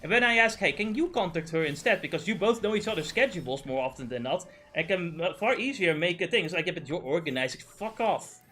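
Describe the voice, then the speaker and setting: Fast, bright-voiced man ranting. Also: sits high, expressive, faint music behind. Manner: ranting, profane, exasperated. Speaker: streamer. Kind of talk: casual gaming chat.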